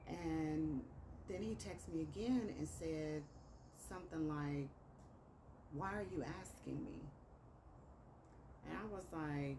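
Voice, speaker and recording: A woman with a Chicago accent tells a dating story in a low voice, bringing both sides of the texts to life. She sits a little away from the mic, and a steady background noise runs under her talk. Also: a little slow, long pauses, far from the mic. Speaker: author telling a dating story. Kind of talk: casual storytelling.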